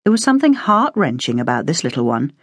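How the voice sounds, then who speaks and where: A woman's voice: sits low, big pitch swings, fast talker, slightly rough, no room sound, studio quality. A woman reading a novel aloud as an audiobook narrator, telling the story expressively. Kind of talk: scripted narration.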